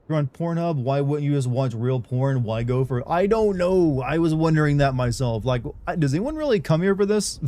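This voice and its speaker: A man's voice: mid-range voice, dark tone. A young man chatting casually on a livestream, rambling and candid as he talks to his viewers.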